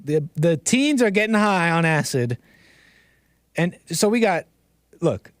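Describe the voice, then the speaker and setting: A man's voice: fairly high pitch, very animated, takes it slowly, pauses often, no room sound, clean studio sound. A man hosting a livestream, ranting and joking in casual commentary, laughing often. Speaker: streamer host.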